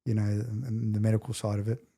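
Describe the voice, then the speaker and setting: A middle-aged man with a lowish, creaky voice speaks a little fast as a guest on a podcast. He retells an emotional story with intensity and animation, acting out the quotes as he goes.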